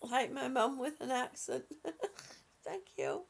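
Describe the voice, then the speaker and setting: Woman, gravelly fry, unhurried, affectionate live-stream host. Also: high-pitched, wildly swooping pitch. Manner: soft, affectionate, calls viewers honey and sweetie; halting, with frequent repeated words. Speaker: livestream host reading viewer comments. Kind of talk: slow casual live chat.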